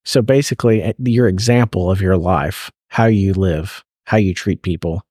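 A man's voice: deep voice, moderate pace, a little mellow, no room sound, studio quality. A man hosting a faith podcast, asking earnest questions and quoting scripture in casual conversation. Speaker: podcast host, parent.

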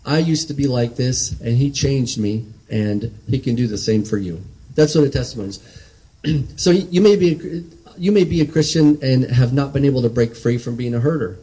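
A man's voice: mid-range voice, moderate pace, warm tone, rough recording. A man preaching a sermon in an earnest, conversational way, often restarting and checking in with "right?".

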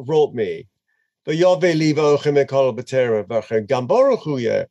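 Animated man chanting and explaining scripture. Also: mid-range voice, unhurried. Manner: chants Hebrew verses then translates, dramatic and expressive. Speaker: Torah teacher. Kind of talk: animated text study lesson.

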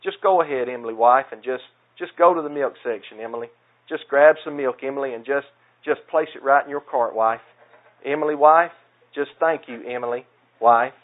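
A Southern preacher playing a fussy little cartoon husband who keeps stumbling over the same words in a high, halting plea. His Southern accent comes through a thin, phone-like sound. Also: natural voice. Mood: pleading. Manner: halting, repetitive, pleading tone.

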